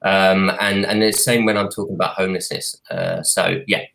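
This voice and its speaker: Cockney male artist, low voice, earnest and halting, home computer mic. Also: flat delivery, vocal fry, a bit bright. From United Kingdom. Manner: earnest, halting, many restarts and fillers. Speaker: artist and advocate. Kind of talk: live video call interview. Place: apartment at home. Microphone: video call from home computer.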